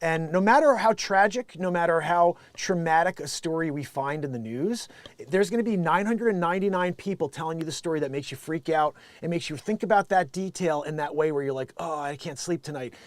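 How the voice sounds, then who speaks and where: A man hosting a live daily news-comedy show, ranting off the cuff with a loud, profane, emphatic delivery. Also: on the high side, a little fast, no room sound. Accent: Connecticut. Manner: loud, emphatic and profane, swings between shouting and muttering. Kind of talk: unscripted ranting commentary on news.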